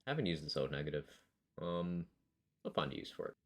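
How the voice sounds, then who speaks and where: A man streaming a game live, chatting casually with viewers and musing aloud between pauses. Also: very deep voice, lively intonation. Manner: laid-back, musing aloud, answering chat between pauses.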